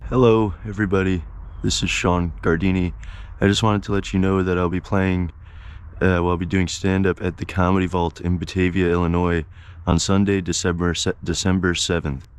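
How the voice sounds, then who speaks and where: A comedian making a short promo announcement in a halting, self-correcting way. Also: male voice, sits low, flat delivery, clean tone.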